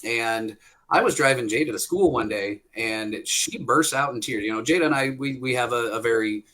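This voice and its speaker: Profane storytelling podcast dad. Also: male voice, medium pitch, moderate pace. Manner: profane, animated anecdote-telling with quoted dialogue. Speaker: podcast co-host.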